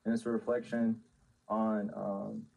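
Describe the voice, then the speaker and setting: Male athlete at a press conference, low and mellow, hesitant, faint ambience. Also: flat delivery, creaky, noisy background. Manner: measured, hesitant, fillers. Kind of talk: post-game press conference.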